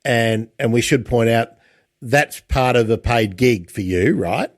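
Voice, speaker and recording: A man hosts a casual interview, chatty and quick to restart his sentences. His voice sits in a middle pitch. The sound is dry and close, with no room in it. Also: no room sound. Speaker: podcast host.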